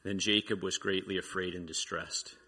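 Husky-voiced man preaching conversationally. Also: low voice, flat delivery, normal speed, pushed and bright. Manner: conversational, restarts and reflects aloud. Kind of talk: informal sermon with scripture reading.

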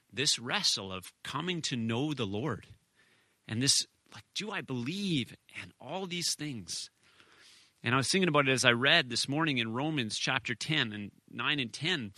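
Earnest, bright-voiced male pastor. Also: medium pitch, no echo. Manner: personal, earnest, halting with restarts and short laughs. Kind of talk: sermon.

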